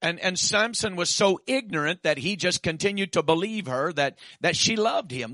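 A man preaching a sermon, halting with repeated restarts and then building to emphatic declarations. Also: high-pitched, lively intonation, sharp tone, no echo, clean studio sound.

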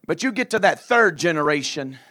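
A man preaching a sermon in a fiery manner, shouting drawn-out phrases with frequent filler uhs. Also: a little high, expressive.

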